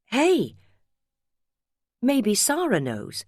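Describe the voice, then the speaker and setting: Pushy bubbly young woman, high and loud, dry sound, read by a woman narrator. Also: huge pitch swings, extremely slow, no room sound, full character voice. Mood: eager.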